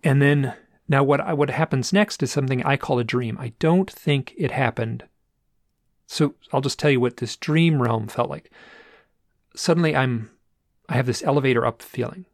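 A man's voice: medium pitch, normal speed, dry recording, clean studio sound. A man telling a personal story in a casual, rambling way, with restarts and repeated phrases. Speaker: guest telling an experience.

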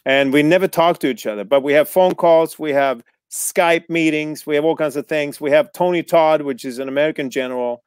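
A man in casual conversation, telling animated stories, swearing freely and acting out quotes. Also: a little high, fairly quick, few pauses, clean tone, no room sound, studio quality. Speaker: actor guest. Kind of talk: casual storytelling chat.

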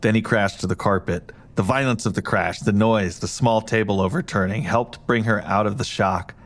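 A man co-hosting a podcast, chatting casually about a story and reading passages aloud with lively emphasis. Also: on the low side, moderate pace. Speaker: podcast co-host.

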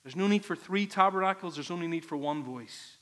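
A man's voice: on the high side, brisk, fairly bright tone. A man preaching a sermon, earnest and emphatic, leaning on repeated phrases. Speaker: pastor.

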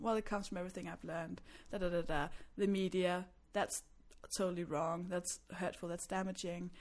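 A woman's voice: on the low side, level tone, moderate pace, hardly any pauses. A young adult woman from Denmark, a stand-up comedian chatting candidly and self-deprecatingly as a podcast guest. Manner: candid, self-deprecating storyteller who laughs often. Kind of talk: casual podcast chat.

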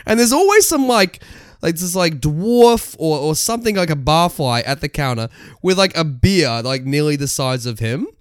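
A lively Australian man with a slightly higher voice talking in a loose, excitable co-host chat. He laughs easily and swears freely. The sound is close and dry, with no room around it. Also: moderate pace, clean tone, no room sound. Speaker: podcast co-host. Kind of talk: casual chat.

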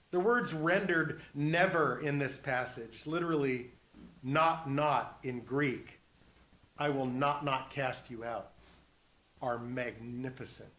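Slow, earnest male preacher. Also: medium pitch, fairly bright tone, reverberant. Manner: slow and earnest, building to emphatic repetition. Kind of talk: sermon.

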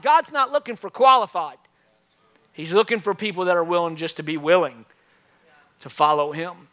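A male pastor in his thirties preaching a sermon to a church congregation, telling stories with big swings from quiet to loud. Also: sits high, moderate pace, pauses often. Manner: animated storytelling, swings from soft to loud. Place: church with live audience.

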